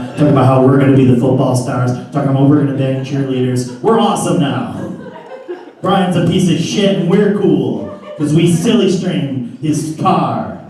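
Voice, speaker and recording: A man's voice: medium pitch, warm tone. A man telling a comic story about his youth to a live audience, casual and profane. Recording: roomy live room from a distance.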